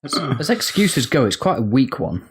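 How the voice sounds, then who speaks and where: A man's voice: medium pitch, big pitch swings, normal speed, slight background noise. A man co-hosting a gaming podcast with dry, teasing humour. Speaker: podcast co-host. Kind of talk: casual podcast chat.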